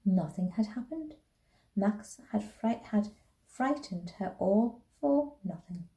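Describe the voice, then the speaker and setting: A teacher reads a children's novel aloud, gentle and unhurried. Her voice is mellow and soft-edged, at a middle pitch. The room lends it a noticeable echo. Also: lively intonation. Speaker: primary school teacher. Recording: roomy echo.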